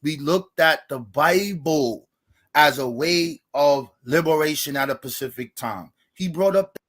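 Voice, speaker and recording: A man with a somewhat high voice argues his case in a debate. He reads quotations from books in a steady, argumentative way to support his points. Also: a little slow.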